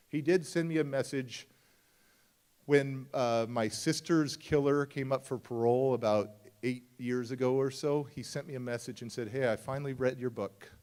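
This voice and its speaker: A man giving a motivational talk and taking audience questions at a summit. He speaks in a conversational, confiding way, with sudden shifts between loud, emphatic lines and quiet, hushed ones. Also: medium pitch. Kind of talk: live storytelling talk and audience Q&A.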